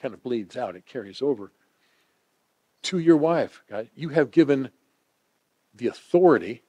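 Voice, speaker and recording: A man preaching a sermon, swinging from emphatic declarations to hushed, intimate asides. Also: medium pitch, animated, measured pace, breathy edge.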